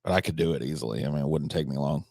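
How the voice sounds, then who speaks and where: Low-voiced articulate man on a livestream. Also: rapid-fire, vocal fry, darkish tone, no room sound, studio quality. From California. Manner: articulate, reflective, slips into a country drawl at times. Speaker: livestream host. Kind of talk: casual livestream chat answering viewers.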